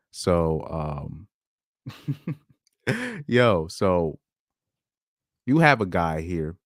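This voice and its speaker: A man hosting a podcast, reacting to screenshots in a rambling, animated way, often laughing and jumping up in pitch when amazed. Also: dry recording, studio quality. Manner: rambling, with frequent restarts. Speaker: podcast host. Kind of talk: casual commentary reading screenshots.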